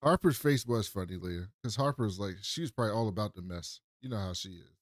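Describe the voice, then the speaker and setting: A man co-hosting a podcast, retelling a TV episode in an animated way and acting out the quotes loudly. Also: lowish voice, a little fast, no room sound, clean studio sound. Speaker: podcast co-host. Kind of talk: casual TV recap chat.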